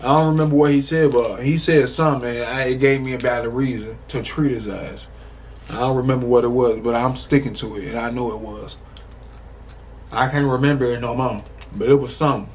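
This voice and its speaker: A man's voice: medium pitch, fairly quick, a little hiss or hum. Young man telling a rambling, profane story. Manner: animated, profane, rambling with restarts. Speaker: storytime vlogger. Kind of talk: casual storytime.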